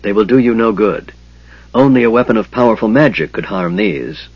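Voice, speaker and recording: A man's voice: lowish voice, slightly rough, no echo, highs cut off. A man voicing a sardonic hissing mage. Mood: cold. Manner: disdainful, slow, quiet hiss. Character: frail sardonic male mage, cold and hissing.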